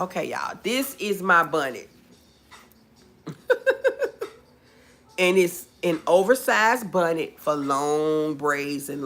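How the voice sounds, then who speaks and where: A woman's voice: low voice, a bit bright. A woman hosting a casual livestream, chatting with viewers in the comments and calling them boo and baby. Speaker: livestream host. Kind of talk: casual live chat reading comments.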